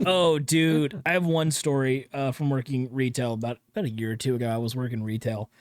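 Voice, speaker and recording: A man's voice: medium pitch, fairly even intonation, slight background noise. A young man co-hosting a podcast, chatting casually, swearing and joking. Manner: swearing, joking, does quick impressions. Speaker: podcast co-host. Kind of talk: casual chat.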